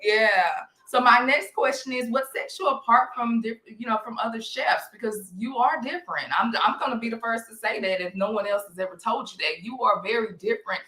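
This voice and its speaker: An enthusiastic woman host, asking questions in an emphatic, chatty way. Her voice is bright and sharp, and it rings in an echoey room. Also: a little high, a little fast. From South Dallas, Texas, US. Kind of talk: interview chat.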